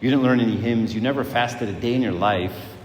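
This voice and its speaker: A man's voice: mid-range voice, brisk, lightly acted. A man voicing a male angel who quizzes a newcomer in disbelief, heard in an echoey hall with faint noise. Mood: incredulous. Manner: questioning, disbelieving.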